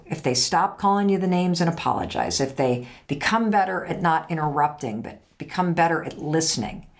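A middle-aged woman speaks straight to the camera as host, giving blunt, emphatic advice in a casual manner. Her voice sits a little low for a woman, and she drops the occasional swear word without slowing down. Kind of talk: direct-to-camera advice talk.

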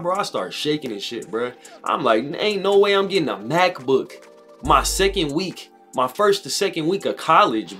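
A young man telling a story to his viewers in a casual, slangy vlog, repeating himself and rushing ahead with excitement. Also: mid-range voice. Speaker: vlogger.

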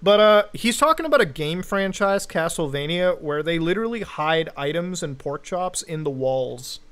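Excitable ranting young streamer, high voice. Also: male voice, moderate pace, smooth. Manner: profane, ranting, bursts into loud shouts and laughs. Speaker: streamer reacting to videos. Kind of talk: casual stream commentary.

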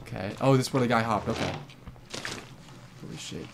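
A man hosting a horror game let's play, reacting out loud, swearing often and bursting into startled shouts. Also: fairly low pitch, fairly quick, vocal fry, noisy background. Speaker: gaming channel host.

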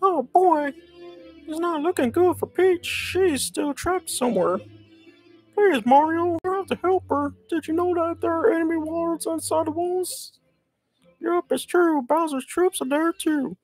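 A chipper little mushroom guy voiced by a woman squeaks out game hints in a tiny cartoon-mouse voice, pitched far above her own. Game music plays along behind him. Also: measured pace, darkish tone. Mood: pleading. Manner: reading on-screen hints aloud in character. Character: squeaky little male mushroom helper, cheerful.

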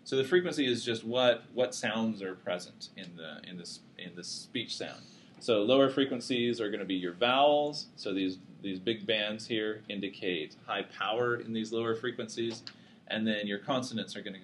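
A man's voice: fairly low pitch, moderate pace, a little hiss or hum. A man teaching a psychology class, lecturing casually and joking with his students. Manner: casual, joking, self-deprecating.

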